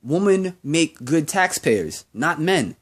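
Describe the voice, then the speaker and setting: A man's voice: fairly high pitch, big pitch swings, slow, breathy edge. A young man ranting in a vlog monologue, profane and heated, repeating himself as he goes. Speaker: vlogger.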